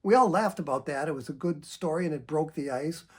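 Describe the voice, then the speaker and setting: A middle-aged man, a psychotherapist, giving a measured educational talk, often clearing his throat. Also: a little high.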